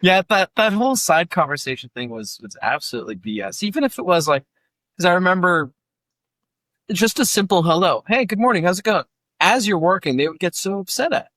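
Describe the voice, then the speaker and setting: A man's voice: sits high, very animated, fairly quick, fairly bright tone, no echo. Easygoing podcast host man, dry voice. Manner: easygoing, laughs along. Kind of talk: casual chat.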